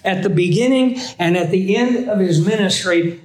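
Man, high voice, Bible teacher, earnest sermon, conversational, echoey room. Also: normal speed, darkish tone. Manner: earnest, conversational, asks the audience questions.

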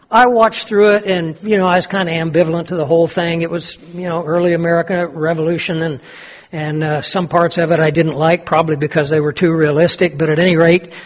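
A man preaching a sermon, telling a story and then drawing slow, emphatic lessons from it. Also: fairly high pitch, lo-fi sound. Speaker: pastor.

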